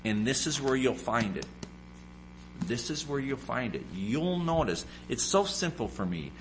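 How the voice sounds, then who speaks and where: A man's voice: mid-range voice, very animated, unhurried, slight background noise. A man preaching a sermon, emphatic and repetitive, firing off rhetorical questions.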